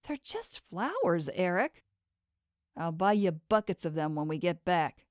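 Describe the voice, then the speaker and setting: A woman's voice: on the low side, sing-song, measured pace, no room sound, clean studio sound. A woman voicing a cool-headed female investigator in an audiobook, speaking in a light, reassuring way.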